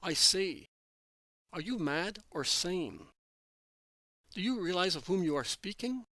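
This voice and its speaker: Man reading Peter, blunt agitated apostle, indignant, slightly high voice, dry sound. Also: sing-song, slow, sharp tone, dry recording, heavily acted.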